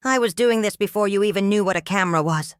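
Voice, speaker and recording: A woman's voice: extremely low pitch, fairly even intonation, quick pace, no echo, studio quality. A woman voicing an enraged male TV host who shrieks in cracking outbursts while reading a scripted story. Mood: furious.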